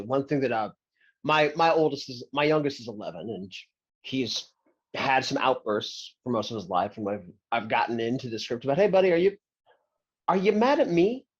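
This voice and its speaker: A man in his forties hosting an interview, relaxed and reflective, often affirming with short hums. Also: medium pitch, brisk, slightly rough. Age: 40s. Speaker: podcast host. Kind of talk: interview conversation. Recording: dull lo-fi audio.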